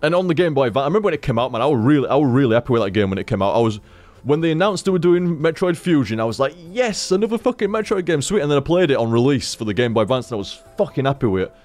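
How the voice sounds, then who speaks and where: A man's voice: mid-range voice, lively intonation, rapid-fire, a little mellow, faint music behind. A man, a streamer rambling casually after a stream and swearing constantly. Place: home room.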